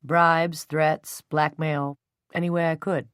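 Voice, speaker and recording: A woman's voice: sits low, flat delivery, takes it slowly, fairly bright tone, clean tone, no room sound, clean studio sound. A woman voicing a confident, mischievous man who talks nonchalantly in a storybook. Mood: teasing. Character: teasing confident man, playful schemer.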